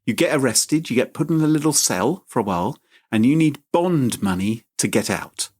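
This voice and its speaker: Animated man telling a story. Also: medium pitch, normal speed, husky. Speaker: podcast host. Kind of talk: casual chat.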